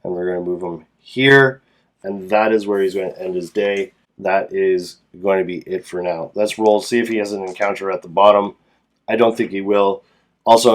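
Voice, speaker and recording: A man casually narrating and playing a solo tabletop game as game master, thinking aloud as he rolls dice. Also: fairly low pitch.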